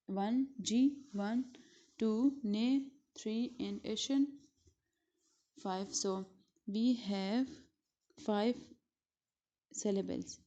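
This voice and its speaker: A woman teacher from Pakistan giving a school lesson, speaking slowly and repeating words syllable by syllable. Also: medium pitch, dark tone. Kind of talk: recorded classroom lesson. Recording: dull lo-fi recording.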